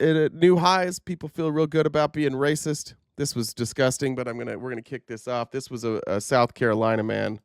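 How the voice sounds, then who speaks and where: Male commentary host, mid pitch, sarcastic, loose delivery, dry close mic. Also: no room sound. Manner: sarcastic, rambling, frequent fillers. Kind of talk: casual news commentary.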